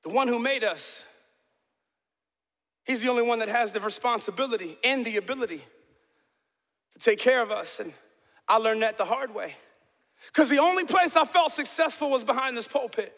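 A middle-aged man preaching a sermon as pastor in a large church, swinging from impassioned shouts to soft, intimate talk. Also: very high voice, moderate pace, long pauses. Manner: passionate, builds to shouting then drops to soft and intimate. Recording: long reverb of a large hall.

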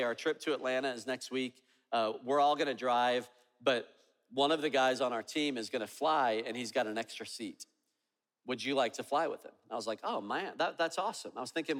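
A man's voice: mid-range voice, a bit bright. A man preaching a sermon, telling a story and acting out both sides of the dialogue. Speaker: pastor. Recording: long reverb of a large hall.

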